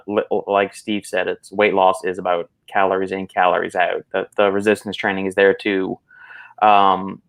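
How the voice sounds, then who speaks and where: A man co-hosting a live stream as a supplement expert, explaining in a relaxed, halting way. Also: fairly low pitch. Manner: relaxed, explanatory, hesitant restarts. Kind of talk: casual expert chat.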